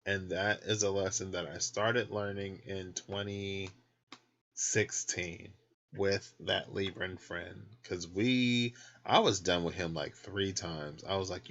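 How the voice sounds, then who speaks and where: In this casual late-night vlog, a man with a deep voice talks from his bed, snacking and laughing as he rambles openly to his tarot channel's viewers. His tone is steady and fairly bright, his pace slow, and the sound lo-fi.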